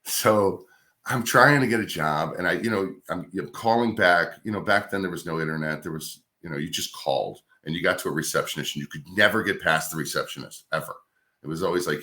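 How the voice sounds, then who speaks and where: A male radio host from New York's Capital Region, telling stories from his career in a relaxed, chatty interview. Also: low-pitched, brisk. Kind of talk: casual interview storytelling.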